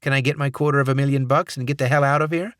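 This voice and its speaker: A man's voice: mid-range voice, steady tone, racing, fairly bright tone, no room sound, clean studio sound, pitched above the performer's own voice, lightly acted. A man doing a brash money-hungry female mercenary. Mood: impatient brash. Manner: brash, impatient. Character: blunt, money-minded woman mercenary.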